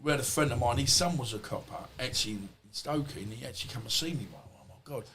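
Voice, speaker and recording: A man's voice: medium pitch, fast, pushed and bright, slight background noise. A middle-aged man, a podcast guest, telling stories in a rambling, blunt, colloquial way. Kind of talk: storytelling in conversation.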